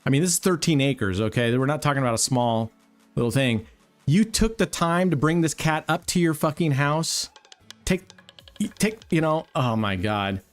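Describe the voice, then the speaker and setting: A man's voice: a little high, lively intonation, moderate pace, soft background music. A man hosting a casual live stream, telling stories bluntly with heavy swearing, rambling through fillers and restarts. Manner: blunt, heavily profane storytelling. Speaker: roulette livestream host.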